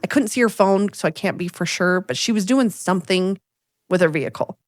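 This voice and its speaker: A woman's voice: brisk, dry recording. A woman in her forties co-hosting a podcast, telling a story in casual chat and acting out the quotes. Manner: animated storyteller, acts out quotes with big pitch jumps. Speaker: podcast co-host.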